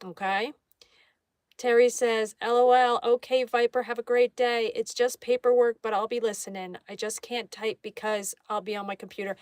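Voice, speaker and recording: A woman's voice: on the high side, clean tone, dry recording. A woman hosting a live art stream in a casual way, reading viewer comments aloud and greeting each viewer. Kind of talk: casual live-stream chat while drawing.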